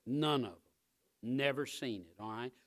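A male pastor preaching a sermon in church, emphatic and repetitive, building up to loud, driving peaks. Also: medium pitch, moderate pace.

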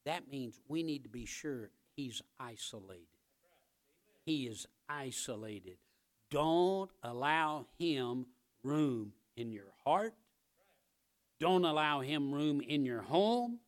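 A male pastor preaching a sermon in church, emphatic and repetitive, building up to loud, driving peaks. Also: mid-range voice, expressive, slow pace.

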